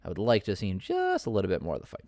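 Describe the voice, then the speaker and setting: A man's voice: low-pitched, wildly swooping pitch, racing, darkish tone, no echo. A man hosting a podcast, giving casual, opinionated fight commentary that rambles with many fillers and restarts. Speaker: podcast host.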